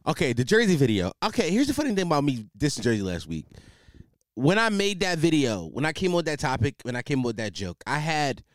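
Male podcast host, comic rambling monologue, profane, very animated pitch, dry close mic. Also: quick pace, no room sound. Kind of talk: casual comedic monologue. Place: hot room at home with a fan. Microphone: desk microphone.

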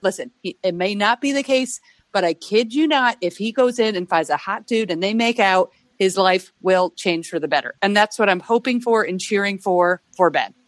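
A woman's voice: medium pitch, moderate pace, no room sound. A woman guest on a podcast, joking in casual chat with hesitant restarts and ums.

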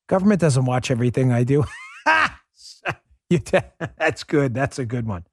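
A show host with a mid-range, slightly mellow voice presents a political commentary show, speaking emphatically and sarcastically directly to his listeners. The recording is studio quality, with no echo.

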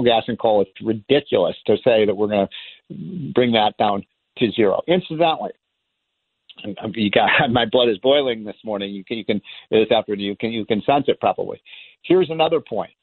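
Over a tinny, dry phone line, a radio talk host with a fairly high voice delivers an impassioned political monologue. He is sarcastic and emphatic, hammering his points home through repetition.

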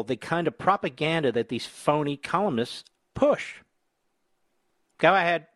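A man hosting a talk radio show, sarcastic and combative, breaking into loud mocking insults. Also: fairly high pitch, lively intonation, measured pace, no room sound.

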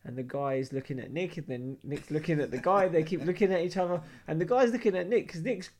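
Man, London accent, podcast co-host, slangy storyteller, fairly high voice. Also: fast talker, darkish tone. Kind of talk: casual chat.

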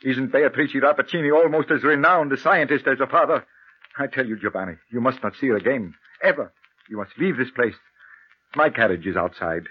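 A man's voice: mid-range voice, brisk, husky, natural voice. An actor playing an earnest elder professor who urgently warns and pleads with a young man, in 1940s radio acting style. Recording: muffled old radio broadcast.

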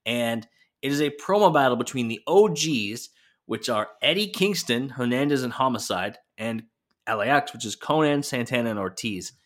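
A man's voice: medium pitch, expressive, normal speed, a bit bright. A man co-hosting a podcast, chatting casually and swearing freely while recapping a wrestling show. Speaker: podcast co-host.

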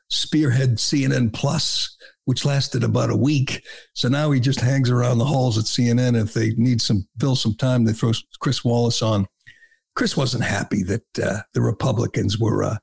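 A man's voice: medium pitch, fairly even intonation, moderate pace, gravelly, breathy edge. A male talk radio host delivering an indignant, rambling opinion monologue full of restarts.

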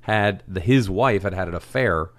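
A man in his forties co-hosting a podcast, telling rambling stories in casual banter with a deadpan joking manner. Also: deep voice, moderate pace. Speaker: podcast co-host.

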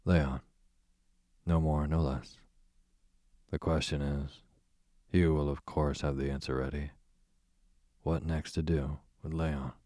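A man reading an audiobook, voicing a languid aristocratic duke with a smooth, sarcastic drawl. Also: extremely low pitch, flat delivery, slow, pauses often, warm tone, no echo, studio quality. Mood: sardonic. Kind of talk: audiobook character voice.

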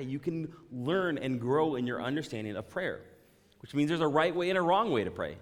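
A man delivers a conversational sermon from a pulpit, his pitch swinging widely as he acts out the doubts of his listeners. His voice rings out through a big hall with a long, lingering reverb. He speaks like a pastor talking straight to his church. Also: moderate pace. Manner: animated, conversational preaching with voiced asides.

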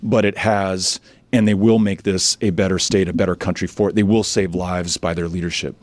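Brief: man from Texas, low voice, earnest storyteller, dry close sound. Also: moderate pace, no room sound. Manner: earnest, animated storyteller who acts out quoted voices. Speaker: guest, Texas politician. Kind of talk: reflective interview storytelling.

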